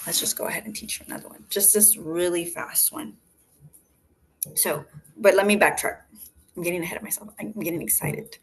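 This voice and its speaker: A woman leading a face yoga class over a video call, giving calm step-by-step cues and counting breaths. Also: fairly low pitch, creaky. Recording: video call audio with faint background noise.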